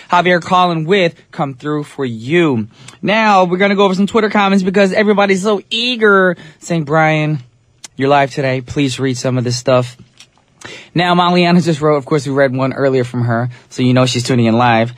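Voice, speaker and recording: A man's voice: medium pitch, normal speed, no echo. A man in his thirties hosting a live radio show in a studio, chatting in an upbeat, playful way with casual slang. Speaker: radio DJ host. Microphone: studio microphone.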